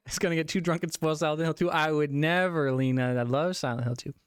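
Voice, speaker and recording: Slightly tipsy, a young man casually live-streams a movie review, rambling, cursing, and laughing a lot. His voice is on the high side, fairly even, a little fast, clear and resonant, captured in studio quality with no room sound.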